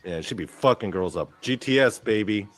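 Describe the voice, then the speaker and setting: A male host giving rambling, profane, excitable commentary over wrestling footage. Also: fairly low pitch, normal speed, faint music behind.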